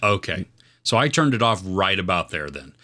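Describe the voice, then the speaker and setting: A man's voice: low-pitched, sing-song, moderate pace, pushed and bright. A man co-hosting a casual movie review chat, speaking in a laid-back, slightly hesitant way. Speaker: podcast co-host.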